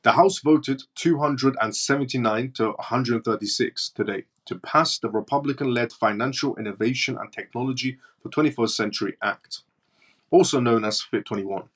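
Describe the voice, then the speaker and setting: A man's voice: mid-range voice, moderate pace, fairly bright tone, husky. A man with a British accent hosting a live stream, reading news and viewer comments aloud in a blunt, mocking way. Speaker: crypto livestream host.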